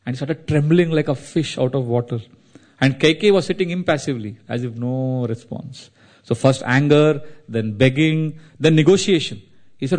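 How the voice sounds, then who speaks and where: A man from India, telling a devotional story as a sermon, in a dramatic, animated way. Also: medium pitch, normal speed. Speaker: spiritual speaker.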